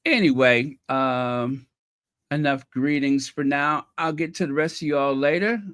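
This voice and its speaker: A man's voice: mid-range voice, steady tone, unhurried, fairly bright tone, smooth, no room sound, studio quality. A man hosting a casual livestream, greeting viewers by name from the chat with playful, mock-posh asides. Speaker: channel host greeting live chat.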